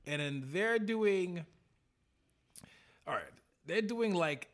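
A man's voice: high voice, animated, slow pace. A man talking casually about music with a friend, rambling and laughing often.

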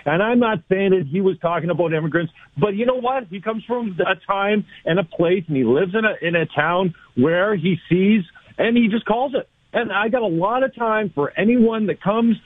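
Radio co-host, man, higher voice, argumentative rant, dry tinny phone-like sound. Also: normal speed, no room sound. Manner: argumentative, ranting, teasing. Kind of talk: heated radio debate.

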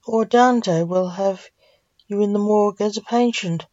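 A woman's voice: mid-range voice, measured pace, darkish tone, dry recording, lightly acted. A woman reading the lines of a concerned young man, earnest and questioning toward his father, on a dull recording.

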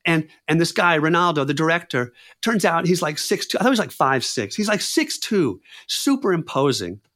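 Animated man telling a story. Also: fairly high pitch, normal speed. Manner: animated, repeats words and phrases, acts out quoted voices. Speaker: clown performer telling a story. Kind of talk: personal storytelling.

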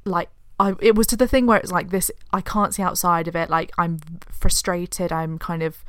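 A woman's voice: lowish voice, moderate pace, clear, resonant tone, no echo, studio quality. A woman co-hosting a podcast, chatting frankly and telling stories with swearing. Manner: frank, animated storytelling with swearing. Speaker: podcast co-host. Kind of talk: casual chat.

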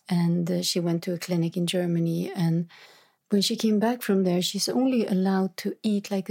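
A woman talking through a recent hard day in a reflective, halting monologue, sometimes dropping into whispery asides. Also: fairly low pitch, warm tone, breathy edge. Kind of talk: personal confessional monologue.

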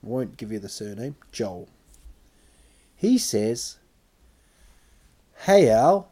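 A male comedian telling a story in a self-mocking, animated way, acting out sounds and little voices as he goes. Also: lowish voice, slow, husky. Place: lives in Stockholm.

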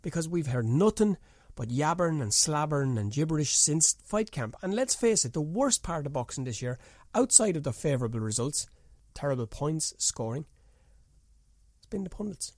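Male pundit, higher-pitched, dry close sound, heated rhetorical rant. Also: big pitch swings, normal speed, no echo. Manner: indignant, rhetorical ranting with sharp pitch jumps. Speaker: boxing pundit. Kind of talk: opinionated monologue.

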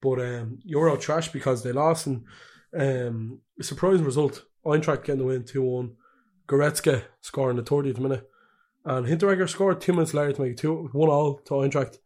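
Jokey podcast co-host. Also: male voice, mid-range voice, brisk, a little mellow. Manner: jokey, laughs often. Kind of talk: casual football chat.

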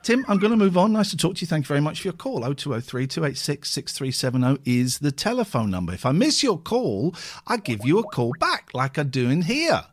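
A man hosting a late phone-in show, his pitch swooping widely as he rambles between calls. He talks casually and swears freely, from rants to musing asides. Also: very animated, a little fast, hardly any pauses. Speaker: radio phone-in host. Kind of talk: casual live radio talk.

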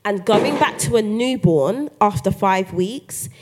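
A woman with a mid-range voice speaks unhurriedly against a noisy background, appearing as a guest author in a live podcast interview on a festival stage. She narrates her story with animation, imitating the people she quotes.

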